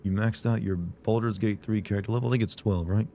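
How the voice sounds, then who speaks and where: A hoarse, low-pitched man riffs casually through a game stream, rambling and joking with his viewers. His voice sits dark and mellow with a sick-throat scratch. A faint background hum sits under his desk mic. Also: fairly even intonation, quick pace. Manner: rambling, jokey, chats with viewers. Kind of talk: casual gameplay commentary.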